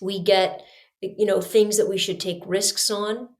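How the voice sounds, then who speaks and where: A woman hosting a podcast, telling a story in a chatty, animated way and talking straight to her listeners. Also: medium pitch, a little slow. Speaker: podcast host. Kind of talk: storytelling monologue.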